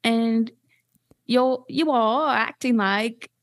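A woman voices a self-conscious giant lizard, long extinct, who pleads with a raised, bright British lilt to be noticed. She sounds a touch distant from the mic, her voice climbing high as she insists she is still here. Cartoon-style comedy bit. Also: drawn-out words, no echo, clean studio sound. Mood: pleading.

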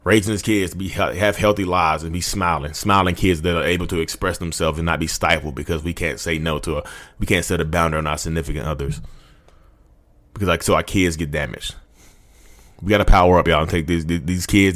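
A man's voice: low voice, fairly even intonation, quick pace, fairly bright tone. A man, hosting his own channel and ranting with emphatic repetition, calling his listeners y'all. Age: 30s. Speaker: YouTube host. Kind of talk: impassioned rant to camera.

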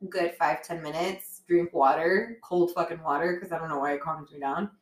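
A woman's voice: sits low, fairly even intonation, moderate pace. A woman co-hosting a podcast in casual chat, rambling with lots of fillers and casual swearing. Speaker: podcast co-host. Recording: echoey room.

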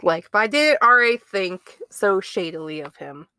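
A woman's voice: mid-range voice, lively intonation, moderate pace, sharp tone, clean tone, dry recording. A woman hosting a true-crime podcast, chatting casually and reacting with disbelief. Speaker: podcast host.

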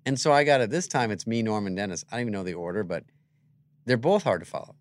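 A man who is a guest comedian, telling animated stories in a podcast interview and jumping into quoted voices. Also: on the low side, fast.

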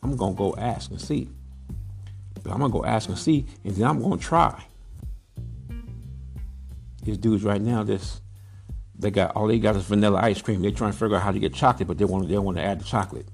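A low-voiced man from Southern California talks straight at his listeners in a blunt, preachy monologue. He fires off question after question. Faint music plays under him. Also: brisk, gravelly, pauses often, a little mellow. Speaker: podcast host, pigeon breeder. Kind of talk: casual monologue.

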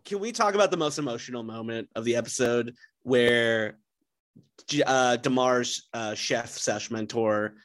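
A man's voice: mid-range voice, unhurried, fairly bright tone. Rambling man chatting on a podcast. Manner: rambling, lots of fillers and restarts. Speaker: podcast guest. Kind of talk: casual chat.

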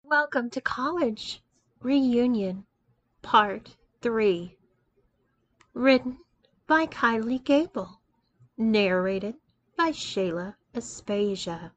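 A woman narrating a first-person story in a measured, expressive reading. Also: a little high, lo-fi sound.

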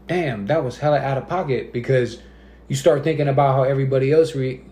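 A man's voice: medium pitch, quick pace, echoey room. A man in his thirties, a podcast host, chatting casually and acting out the people in his stories. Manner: animated storyteller, acts out quotes. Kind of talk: casual chat.

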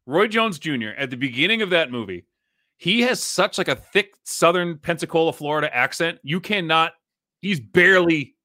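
A man co-hosting a casual podcast, animated and rambling, laughing often. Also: on the high side, moderate pace, dry recording, studio quality. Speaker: podcast co-host. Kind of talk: casual chat.

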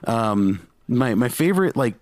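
A young man co-hosting a podcast in casual chat, excitable and quick to laugh, with lots of fillers. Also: mid-range voice, no echo. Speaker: podcast co-host.

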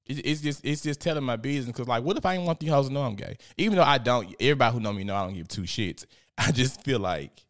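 A young adult man with chats casually, telling profane stories. He slips into the voices of the people he quotes, and his pitch leaps up sharply as he does. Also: fast. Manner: animated, profane storytelling with many quoted voices. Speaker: podcast host. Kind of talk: casual chat.

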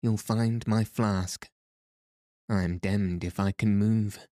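Man playing a lazy drawling fancy noble gent, slow and warm. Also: on the low side, fairly even intonation, no echo, studio quality. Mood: good-humoured. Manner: sleepy, drawling, affected. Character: foppish drawling aristocratic English husband.

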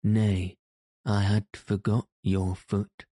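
A bold young outlaw who teases his companion in archaic speech, as a male reader puts him on. The voice is low and mellow and moves very slowly, with little rise and fall. It sits close and dry in the recording. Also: level tone, no echo. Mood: cheerful. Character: bold cheerful teenage boy outlaw, teasing. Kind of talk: audiobook character reading.

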